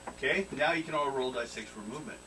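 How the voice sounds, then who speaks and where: A man serving as game master in a tabletop RPG narrates quickly in a mid-range voice, laughing a lot and calling for dice rolls. The audio comes from a noisy room, recorded far from the mic.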